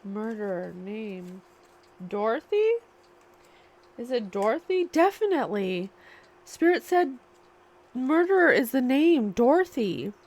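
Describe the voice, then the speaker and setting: A woman's voice: a little high, big pitch swings, takes it slowly, pauses often, a little mellow. A woman channeling a spiritual reading, musing and questioning aloud as she asks spirit for answers. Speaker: psychic reader.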